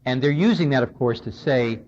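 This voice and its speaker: A man's voice: mid-range voice, a little fast, a little mellow. Man lecturing on dull lo-fi radio tape. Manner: conversational, recounting dialogue, emphatic. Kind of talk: recorded lecture. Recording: dull lo-fi 1990s radio recording.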